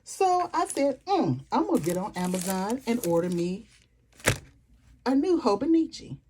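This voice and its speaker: A middle-aged woman, chatting excitedly and fast to her viewers in a home vlog, calling them y'all. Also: on the high side, noisy background. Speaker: planner vlogger. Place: home desk.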